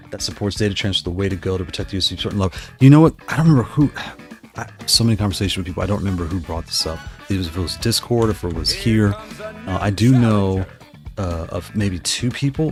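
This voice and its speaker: While playing, a man chats casually with his live-stream viewers, thinking out loud and restarting often. His low voice has a darkish tone and is slightly hoarse.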